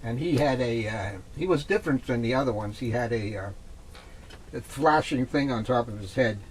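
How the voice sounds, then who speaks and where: A man's voice: mid-range voice, normal speed, slight background noise. A man co-hosting a talk radio show, eagerly chiming in during casual chat.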